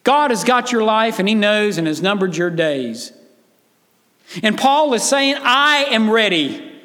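A man's voice: high-pitched, big pitch swings, a little slow, fairly bright tone, in a large hall. A man preaching a sermon as pastor, earnest and emphatic, appealing directly to his listeners.

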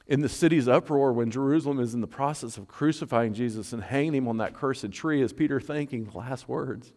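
A man preaching a sermon as a pastor, earnest, dropping to a hush and rising to fervent emphasis. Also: medium pitch, fairly quick, few pauses, long reverb tail. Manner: earnest, swings from hushed to fervent.

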